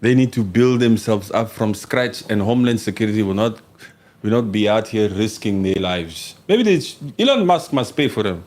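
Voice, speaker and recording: Lively, joking man. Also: fairly low pitch, normal speed. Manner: animated, joking, slangy, laughs often. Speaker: co-host. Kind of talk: casual chat.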